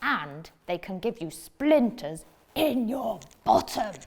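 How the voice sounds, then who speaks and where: A woman voicing a fussy frog in a picture book, complaining in a high, pleading voice. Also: big pitch swings, slow pace, darkish tone, husky, heavily acted. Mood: whiny. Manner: whiny and pleading.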